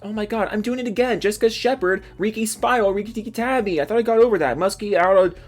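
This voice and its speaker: A young man from Seattle rants sarcastically about gaming news, swearing often. He then rattles off a long list of supporter names, breaking in with loud yelps. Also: high voice, fast talker, faint music behind. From Seattle, USA. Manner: exasperated, profane and sarcastic, with sudden loud yelps. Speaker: gaming YouTuber. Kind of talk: ranting commentary and reading out supporter names.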